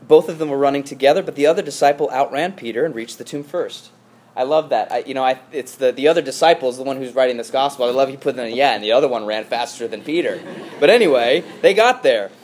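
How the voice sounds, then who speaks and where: A man's voice: mid-range voice, expressive, fast. A male pastor giving a sermon in a conversational storytelling manner, with frequent asides and restarts.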